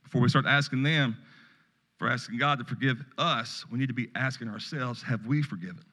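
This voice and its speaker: In a brisk, sharp-toned voice of medium pitch, a middle-aged man delivers his sermon like a friendly chat, stopping now and then to tell a story. The sound echoes with the long reverb of a large hall.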